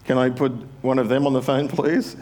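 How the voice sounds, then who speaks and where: A puzzled pastor on the phone who keeps pressing a small child with questions, as a preacher puts him on. His questions climb higher and more insistent with each reply. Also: fairly even intonation, normal speed, a little mellow, close to an everyday voice. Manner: rising, increasingly puzzled questions. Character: puzzled adult male pastor calling a home.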